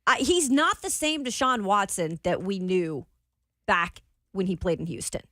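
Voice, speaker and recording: A woman co-hosting a morning sports radio show, giving brisk, emphatic football opinions. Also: mid-range voice, bright, forceful tone, no echo, clean studio sound. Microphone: studio microphone.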